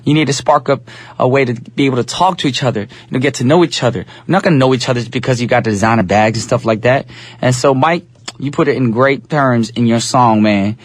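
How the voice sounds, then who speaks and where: A man's voice: medium pitch, fast, no room sound. A man from New Jersey hosting a casual radio show in an upbeat, slangy, talkative way, speaking into a studio microphone.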